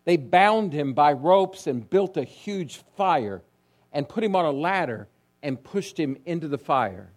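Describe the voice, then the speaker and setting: A male pastor preaching a sermon, telling stories with drama, dropping to a hush and then rising loud. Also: on the high side, expressive, unhurried. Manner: dramatic storytelling, swinging between hushed and loud.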